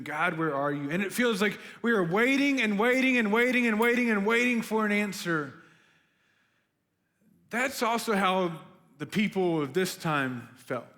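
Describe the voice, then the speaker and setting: A young man giving a casual, chatty sermon to students, full of "like" and "right?", as a youth pastor. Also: sits high. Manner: chatty and animated, lots of "like" and "right?". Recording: long hall reverb.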